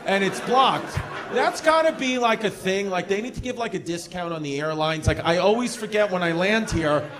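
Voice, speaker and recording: A man doing crowd work in a stand-up comedy club, loud and laughing, then dropping to a mutter for asides. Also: high voice, lively intonation, a little fast, hardly any pauses. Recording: live club recording with crowd noise. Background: laughing audience.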